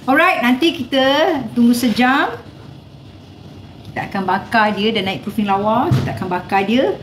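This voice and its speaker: A woman's voice: fairly high pitch, expressive, normal speed, a little hiss or hum. A woman with a Malaysian accent chatting casually while baking at home, switching between Malay and English with a laugh. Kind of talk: casual chat while cooking. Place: home kitchen. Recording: echoey kitchen with clatter. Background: dishes and cutlery clinking.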